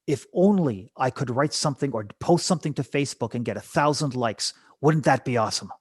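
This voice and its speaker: Husky-voiced man musing aloud. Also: mid-range voice, no echo, clean studio sound. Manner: reflective, rhetorical questioning. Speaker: guest. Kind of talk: conversational storytelling.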